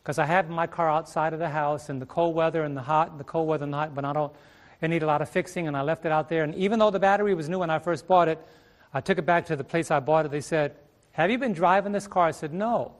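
A fast-talking middle-aged preacher with a fairly high pitch and fairly even intonation gives a sermon from a church stage via a stage microphone. He presses rhetorical questions on the congregation and lingers on key words with emphasis.

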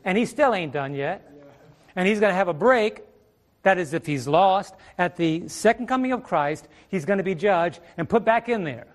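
Middle-aged preacher guy, pretty high voice, keeps throwing out rhetorical questions and repeating himself. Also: animated, normal speed. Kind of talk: Bible study sermon. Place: TV ministry stage.

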